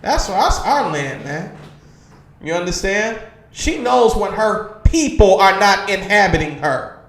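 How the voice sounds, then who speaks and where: A man with a notably high voice leads a streamed religious class in a forceful preaching style. He drives each point home and keeps asking his listeners if they understand. His voice rings around an echoey room. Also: expressive, takes it slowly. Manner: emphatic, constantly asks "you understand?" and says "man". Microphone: livestream computer mic.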